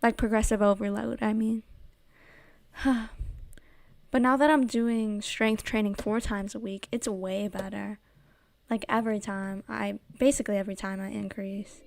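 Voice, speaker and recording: A woman's voice: mid-range voice, steady tone, moderate pace, vocal fry, slight background noise. A woman chatting casually and giggling as she answers viewer questions on a stream. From United States. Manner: giggly, chatty, reads chat questions aloud. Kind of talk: casual chat. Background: quiet background game music.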